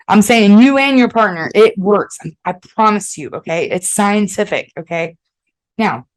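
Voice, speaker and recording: A woman podcast host with a slightly low voice, talking straight to her listeners in a loose, animated way. She swears freely, repeats herself for emphasis and keeps checking in with "okay?". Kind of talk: casual motivational monologue.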